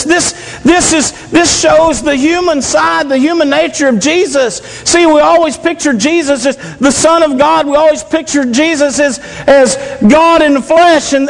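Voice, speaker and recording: A man's voice: very high voice, creaky. A man preaching a sermon in an earnest, repetitive way, asking the congregation question after question. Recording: long reverb of a large hall.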